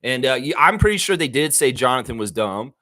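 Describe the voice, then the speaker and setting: A man with a Southern US accent hosting a live-stream, ranting in a heated, profane, animated way. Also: medium pitch, a little fast. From American South. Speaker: show host. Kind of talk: casual live-stream commentary.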